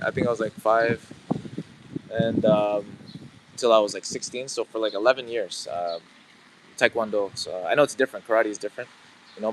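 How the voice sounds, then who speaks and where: A man's voice: lowish voice, noisy background. A man in his thirties hosting a casual live stream outdoors, rambling with lots of fillers as he talks to viewers. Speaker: livestream host. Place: outdoors, about to head into work.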